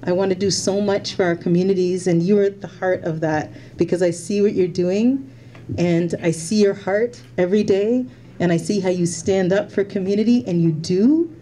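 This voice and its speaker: With a medium-pitched, dark-toned voice at normal speed, a woman born in Canada speaks as a member of parliament at an event. Her thank-you to the volunteers is heartfelt and a little emotional, and she repeats her thanks.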